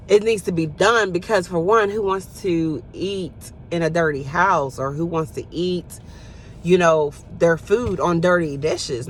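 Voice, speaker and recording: A woman's voice: fairly low pitch, slight background noise. A woman giving a casual devotional talk, earnest and preachy, who keeps checking in with "right?" and "you know?". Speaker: speaker.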